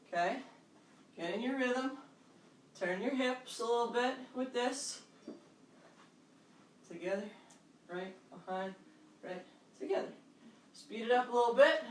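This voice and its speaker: Encouraging woman fitness coach, echoey room. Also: on the high side. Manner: upbeat, encouraging, calls out steps and counts. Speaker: fitness instructor. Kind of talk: live online workout class. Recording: roomy echo, distant mic, faint background noise.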